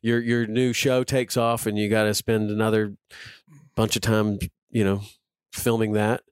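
Earnest low-voiced male interviewer. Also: little pitch movement, unhurried, clean tone, no room sound, studio quality. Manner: earnest, admiring, filler-heavy. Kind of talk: casual interview. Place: guest's home.

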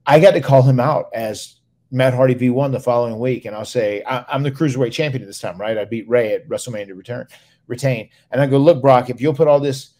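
A man, casually telling stories on his podcast and getting loud when he acts out other people. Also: medium pitch, fairly quick. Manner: animated storyteller, loud when acting out others. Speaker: podcast host, retired wrestler. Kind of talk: casual storytelling.

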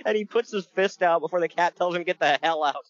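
A man's voice: high voice, fast, dry recording, dull audio. A man co-hosting a podcast, recapping wrestling in a jokey casual chat, laughing often.

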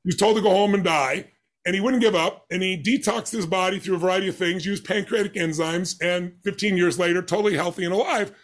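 Talking fast in a high voice, this male interview guest animatedly tells a story from his life and performs its dialogue with emphatic voices.

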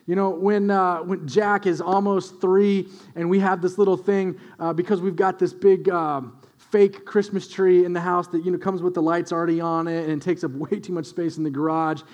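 A young adult man, a pastor, preaching a sermon with animated storytelling and quiet, earnest stretches. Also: high voice, normal speed.

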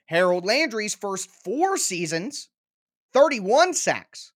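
A man's voice: high voice, big pitch swings, slow pace. A man hosting a sports talk show, making his case emphatically with repeated punchy lines and everyday analogies. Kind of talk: opinionated sports commentary.

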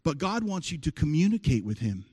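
Animated high-voiced male pastor preaching. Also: a little fast, slightly rough. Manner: animated preaching with call-and-response. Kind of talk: sermon. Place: church sanctuary with congregation.

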